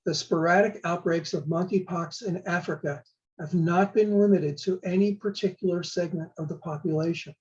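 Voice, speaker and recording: Older man, dark lo-fi explainer. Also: sits high. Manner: measured, slow spelling out of terms. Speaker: public health law professor. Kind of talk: prepared explainer talk.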